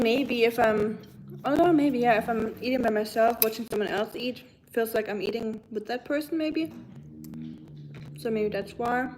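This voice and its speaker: A young woman with a slightly high, slightly mellow voice hosts a casual livestream, chatting and musing with her live chat viewers and answering them while she eats. The recording is rough, with slight background noise.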